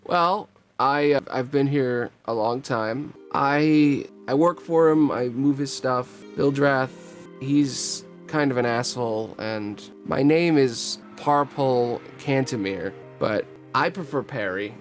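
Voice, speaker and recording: A man's voice: medium pitch, takes it slowly, few pauses, close to an everyday voice. Man doing timid young shop helper, stammering, apologetic, nervous, faint music behind.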